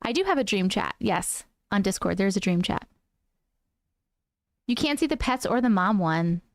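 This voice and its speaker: A woman's voice: mid-range voice, expressive, moderate pace, no room sound. A woman in her thirties hosting a casual live stream, chatting with viewers and laughing often.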